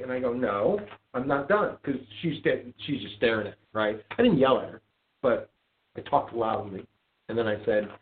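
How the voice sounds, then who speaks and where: A man hosting a casual call-in show, telling stories in an animated, indignant rant. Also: medium pitch, brisk. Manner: animated ranting storyteller, gets loud and indignant. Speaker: podcast host. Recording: tinny phone-like audio.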